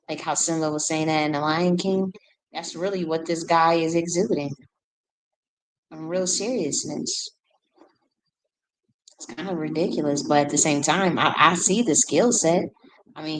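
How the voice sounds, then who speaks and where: A woman with a low, deep speaking voice reacts to video clips in a loose, chatty way. She circles back on her words, repeating phrases as she works out what to say. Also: a little hiss or hum, poor audio. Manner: rambling, repeats words while searching for them. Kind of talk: casual commentary on video clips.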